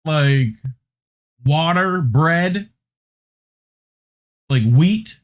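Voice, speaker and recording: A man talking at an unhurried, drawn-out pace as he co-hosts an independent news show. His commentary is loose and rambling, full of fillers and tangents. Profane asides slip in along the way. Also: fairly high pitch, expressive, highs cut off. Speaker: co-host.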